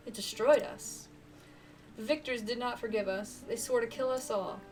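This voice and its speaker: A gentle, sorrowful mother near death, as a woman reads her lines aloud. The voice sits high and soft, slow and hushed. It is heard through a mic set back from the speaker, with game music playing faintly underneath. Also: distant mic, close to an everyday voice. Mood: tender, sorrowful.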